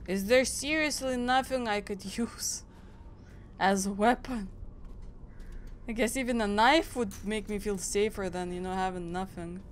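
A woman's voice: medium pitch, measured pace, slight background noise. A woman from Europe hosting a gaming channel, reacting aloud and chatting through a let's play. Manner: chatty, reacting aloud, frequent small laughs.

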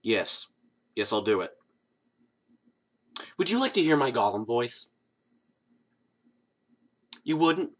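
A young man hosting a comedy video, delivering a scripted monologue in a sarcastic, self-mocking deadpan. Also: mid-range voice, takes it slowly, pauses often.

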